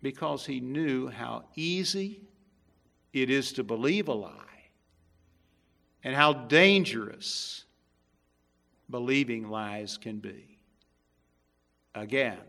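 Gravelly, bright-voiced male preacher. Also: medium pitch, expressive, takes it slowly, pauses often. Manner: emphatic, swings between loud stresses and hushed asides. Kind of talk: sermon.

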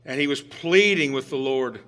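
A middle-aged man preaching a sermon in a conversational way, full of restarts, moving between hushed and emphatic delivery. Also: medium pitch, normal speed.

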